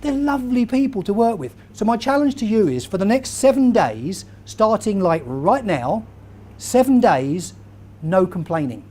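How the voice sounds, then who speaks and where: A man, giving a lively motivational talk to a live audience and quizzing the crowd as he tells stories. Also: high-pitched, normal speed. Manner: animated storyteller, quizzes the crowd. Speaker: keynote speaker.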